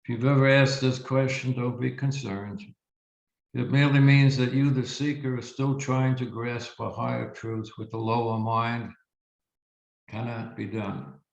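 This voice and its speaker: A male reverend giving a spiritual teaching talk, telling a story slowly and reflectively with emphatic pauses. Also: mid-range voice, steady tone, vocal fry. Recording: roomy, dull lo-fi recording.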